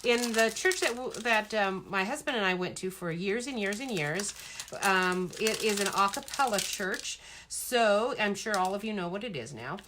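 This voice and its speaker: A middle-aged woman crafts a greeting card, chatting and rambling to herself throughout a casual demo. Her medium-pitched voice has lively intonation at a moderate pace, against a noisy background of crinkling paper and stamp clicks.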